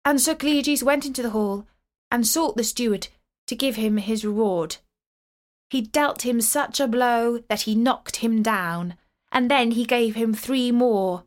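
A woman reading a medieval tale aloud in a steady, clear storytelling voice. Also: on the high side, a little slow.

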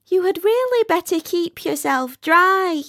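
A woman doing a prim, high fire balloon. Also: animated, a little slow, a bit bright, no room sound, studio quality, heavily acted.

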